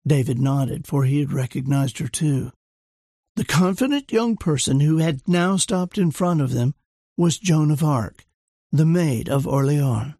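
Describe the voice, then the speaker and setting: A man narrating a story in a steady, measured reading. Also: on the high side, no echo, clean studio sound. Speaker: audiobook narrator. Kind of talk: scripted narration.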